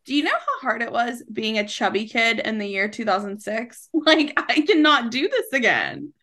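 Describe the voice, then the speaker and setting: A woman's voice: a little high, sing-song, moderate pace, bright, forceful tone. A woman in her thirties co-hosting a podcast, chatting casually, swearing freely and laughing often. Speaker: podcast co-host. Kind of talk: casual chat.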